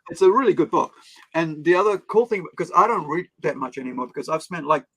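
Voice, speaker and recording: Kiwi man hosting a casual stream, fairly high voice with a gravelly edge, rambly. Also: quick pace, fairly bright tone. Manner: rambling, with many fillers and restarts. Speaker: stream host. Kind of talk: casual chat on a live stream.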